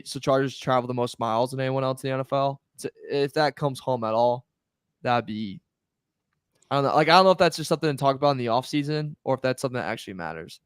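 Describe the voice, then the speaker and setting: A man's voice: medium pitch, clean tone, dry recording, studio quality. A man co-hosting a casual sports podcast, talking loosely with lots of filler words. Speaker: podcast co-host.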